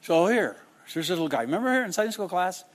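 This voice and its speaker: A man preaches a sermon fast, his pitch swinging up and down in lively fashion. He's dramatic and pauses now and then to act out the people in his stories in shifting voices.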